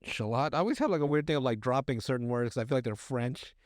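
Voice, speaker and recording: A man's voice: medium pitch, lively intonation, racing, dry recording, studio quality. A man co-hosting a podcast, reading recipes aloud in casual chat, stumbling over words and joking crudely. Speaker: podcast co-host.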